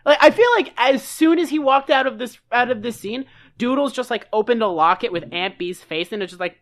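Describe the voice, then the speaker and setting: A high-pitched man trades crude jokes as a podcast co-host, laughing often as he riffs. His talk is loose and profane, a casual comedic recap. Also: animated, a little fast, a bit bright. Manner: profane, riffing, laughing banter.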